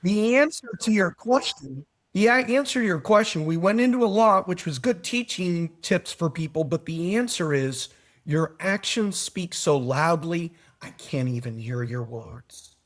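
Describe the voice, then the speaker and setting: A middle-aged man speaking as a podcast guest, telling stories in an animated way, swinging from quiet asides to emphatic points. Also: high-pitched, unhurried. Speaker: podcast guest, foundation manager. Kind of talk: conversational podcast interview.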